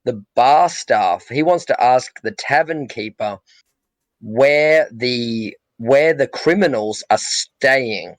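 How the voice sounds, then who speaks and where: A man's voice: medium pitch, slow pace, dry recording. A man playing a tabletop role-playing game, speaking in a hesitant, polite way. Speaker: player.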